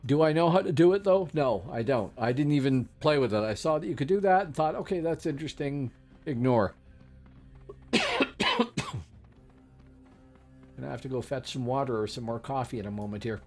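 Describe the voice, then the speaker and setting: A man's voice: medium pitch, expressive, moderate pace, long pauses, darkish tone, faint music behind. A man giving casual, rambling gameplay commentary as a streamer, chatty with many fillers and asides. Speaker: game streamer.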